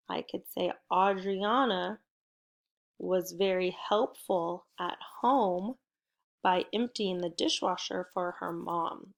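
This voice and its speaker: In a recorded home lesson for first graders, this middle-aged teacher keeps things upbeat and encouraging. She talks at a medium pitch, slowly and clearly so children can follow.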